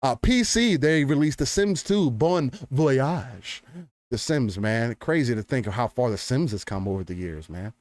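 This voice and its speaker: A man in his twenties co-hosting a casual gaming podcast, joking and animated. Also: medium pitch, measured pace, no echo. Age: 20s. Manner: animated, joking, drifts into announcer voice. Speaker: podcast co-host.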